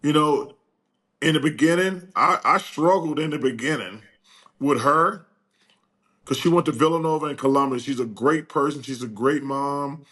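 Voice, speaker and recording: Older guy telling stories on a chat show, kinda high voice, acts out all the quotes. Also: normal speed. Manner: animated, acts out quoted dialogue. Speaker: guest. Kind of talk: casual storytelling chat.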